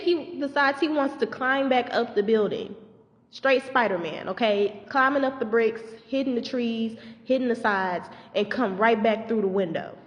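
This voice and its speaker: A woman who is a teacher tells a storytime vlog, talking expressively, swearing, and acting out what people shouted. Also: a little high. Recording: echoey, dull lo-fi audio.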